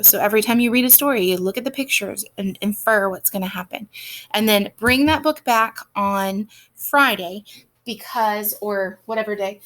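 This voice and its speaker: A woman teacher giving patient, step-by-step instructions for a student's reading work, with frequent "um"s. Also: mid-range voice. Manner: patient, explaining step by step with many fillers. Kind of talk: recorded lesson instructions for a student.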